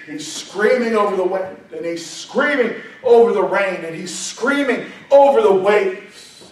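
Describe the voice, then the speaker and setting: A man preaching a sermon, speaking emphatically and building to loud, passionate peaks. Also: high voice, unhurried, few pauses. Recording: very echoey room, voice far from the mic.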